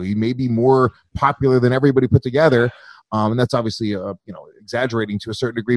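Fast-talking man on a dry mic. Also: medium pitch, a little mellow, dry recording. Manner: rapid, questioning, sweary. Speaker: podcast host. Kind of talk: casual podcast chat.

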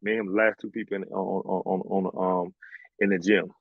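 This low, gravelly, husky male voice moves at a moderate pace, with no echo and phone-quality sound. A Southern former college basketball player, he tells stories bluntly and profanely, animated throughout a casual interview.

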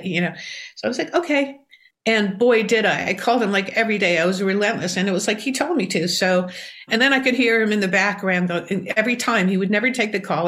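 Songwriter woman, 60s, animated storyteller, mid pitch. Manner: animated, lively anecdotal storytelling. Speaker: songwriter guest. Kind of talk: storytelling interview answers.

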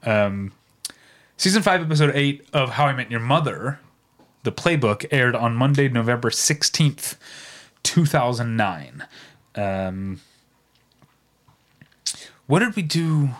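A man's voice: mid-range voice, expressive, a little slow, a bit bright. A man in his thirties co-hosting a podcast in casual chat, rambling a little with fillers as he runs through a segment. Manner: chatty, rambling with fillers, breaks into brief off-key singing. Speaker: podcast co-host.

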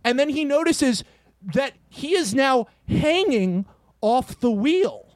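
A man with a high voice tells an over-the-top movie pitch like a comedian on a podcast, swearing freely and jumping into characters' quoted lines. The sound is dry and close to the mic, with no room around it. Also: dry recording. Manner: animated, profane, acts out characters' lines in quick quotes.

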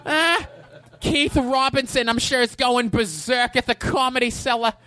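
A man's voice: very high-pitched, measured pace, no echo, voice pushed up, exaggerated voice. A man imitating a middle-aged comedian who rants profanely about his own podcast. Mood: mock cheerful. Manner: profane, ranting, shouting at nobody.

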